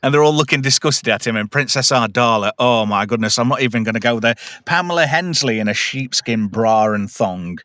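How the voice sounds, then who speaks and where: A man's voice: medium pitch, fairly quick, hardly any pauses, no room sound, studio quality. Chatty man retelling film scenes. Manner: animated storyteller, hums theme tunes. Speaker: podcast host. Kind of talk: casual film review chat.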